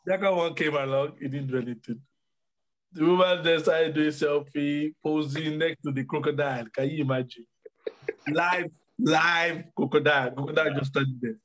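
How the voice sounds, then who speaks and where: A man's voice: a little high, fairly even intonation, moderate pace, fairly bright tone, low-quality recording. A man from Africa co-hosting a podcast, telling stories with emphatic repetition in a casual motivational chat. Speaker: podcast co-host.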